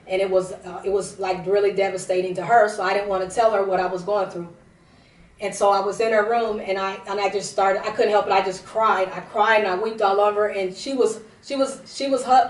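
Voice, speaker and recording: A woman giving a tearful personal testimony, rambling with many restarts. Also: mid-range voice. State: teary. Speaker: prophetess broadcasting a service. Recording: roomy, distant from the mic.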